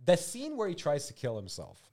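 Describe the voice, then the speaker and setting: Animated joking man. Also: fairly high pitch, a little fast. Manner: animated, jokey, drops into mocking impressions. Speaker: podcast co-host. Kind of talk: comedic casual chat.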